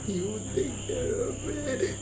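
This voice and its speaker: A woman's voice: on the high side, animated, measured pace, over music, rough recording. An actress with a Nigerian accent playing a crying mother who keeps insisting she is fine. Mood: tearful. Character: grieving mother fearing for her life. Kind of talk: film drama acting.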